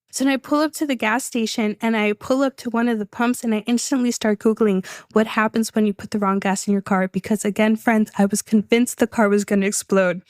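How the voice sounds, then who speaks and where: A young woman hosting a podcast, telling a story in a chatty, animated way and laughing often. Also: on the high side, a little fast, no room sound, clean studio sound. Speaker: podcast host. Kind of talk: casual storytelling monologue.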